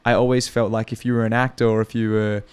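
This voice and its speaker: A man's voice: on the low side, quick pace, clean tone. A young man from Australia with an Australian accent, a podcast guest chatting casually and swearing freely as he tells stories about acting. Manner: profane, animated storytelling. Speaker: podcast guest, actor and comedian.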